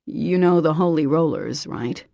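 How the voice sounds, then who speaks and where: A quiet, wry young man speaks calmly and low-key, voiced by a female narrator. The voice is low and gravelly, recorded dry and close. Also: measured pace, no room sound.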